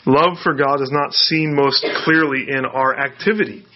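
A man's voice: medium pitch, steady tone, normal speed, slight background noise. Man, pastor, conversational sermon, rhetorical questions, midrange voice, dull lo-fi recording. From United States. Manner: conversational preaching with repeated restarts and rhetorical questions. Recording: dull lo-fi sound.

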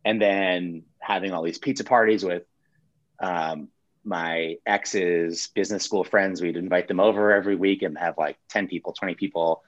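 A laid-back man with a very low voice tells his story in relaxed, casual chat. He swears freely and acts out what people said. The recording sounds a little dull and lo-fi. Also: normal speed, dry recording. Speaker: pizzeria owner.

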